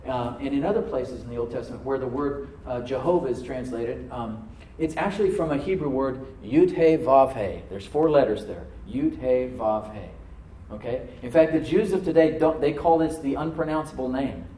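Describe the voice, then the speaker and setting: A man preaching to a congregation, reading scripture aloud and then dropping to a soft voice to stress a point, calling for responses from the room. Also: mid-range voice, a little fast, hardly any pauses, reverberant, slight background noise, low-quality recording. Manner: asks the congregation to answer back. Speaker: pastor. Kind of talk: sermon. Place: church service with a live congregation.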